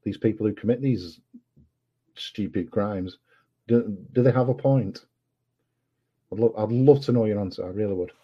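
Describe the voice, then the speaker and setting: A man's voice: fairly low pitch, normal speed, pauses often, slightly rough. A man with an English accent chatting casually on a late-night livestream, rambling and apologetic with many fillers. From England. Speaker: guest. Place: home at night. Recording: dull lo-fi home recording.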